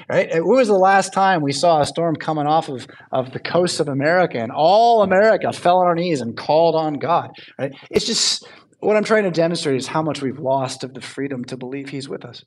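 A pastor preaches in a church conversationally, with chatty asides and frequent check-ins like "right?" and "yeah?" His voice is on the high side, animated, and a little fast.

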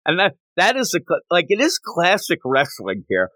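A man co-hosting a casual podcast chat, animated and quick to act out lines from the story. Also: fairly high pitch, no echo. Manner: animated, acts out quoted characters in passing. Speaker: podcast co-host.

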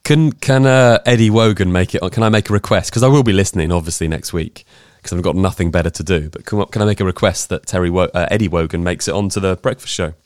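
A man's voice: sits low, quick pace, hardly any pauses, clean tone, no echo, clean studio sound. A man co-hosting a podcast from home, joking and teasing in casual chat with frequent restarts. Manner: jokey, teasing, trails off in restarts. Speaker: podcast co-host. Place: home, room being decorated.

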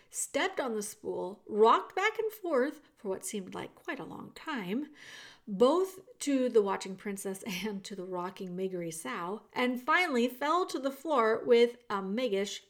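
A woman reading a children's book aloud, narrating it in a calm storytelling manner. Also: on the high side, a little slow.

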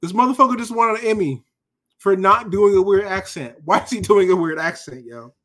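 A man with a notably high speaking voice co-hosts a casual podcast chat. He rants in an animated, emphatic and profane way, pressing his points hard. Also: a little fast. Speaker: podcast co-host.

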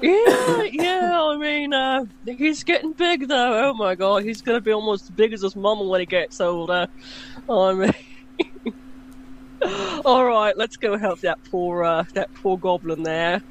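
A woman's voice: medium pitch, lively intonation, a little slow, slight background noise. A woman chatting in character during a tabletop game, doting and talkative. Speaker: player.

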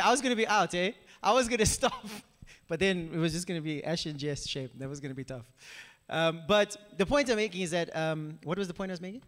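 A young man preaching a casual, animated sermon in a church, talking straight to the congregation with lots of asides. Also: fairly high pitch, brisk, big-room sound. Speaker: pastor. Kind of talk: conversational sermon.

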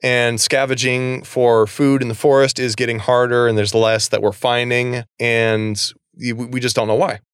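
A man's voice: medium pitch, flat delivery, normal speed, hardly any pauses, clear, resonant tone, no room sound, studio quality. A man co-hosting a podcast, recapping a book in casual chat; he rambles, laughs and swears casually.

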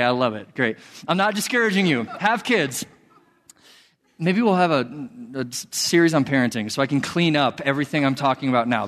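A young man gives a relaxed, conversational sermon, joking at his own expense and speaking openly. His voice sits a little high for a man. The sound carries a long reverb, as if he were speaking in a large hall. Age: young adult. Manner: candid, self-mocking, conversational. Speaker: pastor. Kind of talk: casual sermon.

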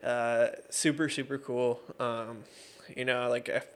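A man's voice: medium pitch, flat delivery, takes it slowly, smooth. A man in his thirties, a guest on an interview show, telling stories in a chatty, laughing way with lots of fillers. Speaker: guest, MMA referee and judge. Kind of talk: casual interview storytelling.

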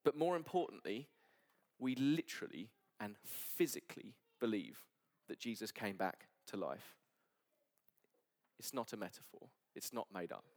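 A man preaching a sermon at a church service, earnest and sometimes dropping to soft near-whispers. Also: fairly low pitch, expressive, a little slow, long pauses. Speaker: pastor.

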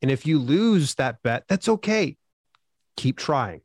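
A man's voice: on the high side, slow, no echo. Upbeat man telling stories, dry sound. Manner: upbeat, animated storytelling with acted-out quotes. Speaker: self-publishing expert guest. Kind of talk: casual interview answers.

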